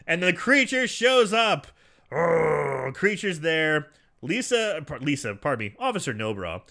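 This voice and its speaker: A bright, high-voiced man in casual chat, retelling a movie plot with an animated, bouncing delivery. He slips into quick quoted voices and laughs often as he tells it. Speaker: podcast co-host.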